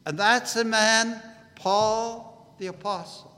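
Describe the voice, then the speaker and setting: Man, gospel preacher, measured and earnest, bright tone, long reverb. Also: high voice, steady tone. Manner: earnest, slow and deliberate preaching, biblical phrasing. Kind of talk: gospel sermon.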